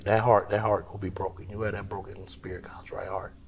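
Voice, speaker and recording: A middle-aged man from Omaha, a pastor, telling his story in an interview in an animated, conversational way. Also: lowish voice, quick pace, background noise. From Omaha, Nebraska, US. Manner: animated, acts out quoted voices, vernacular phrasing.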